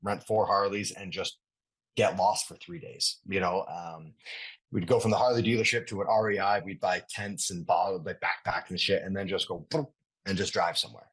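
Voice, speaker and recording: A retired athlete, appearing as an interview guest, casually tells a story in a relaxed, rambling way, swearing freely and restarting often. His voice is low-pitched with a breathy edge, and he speaks at a moderate pace.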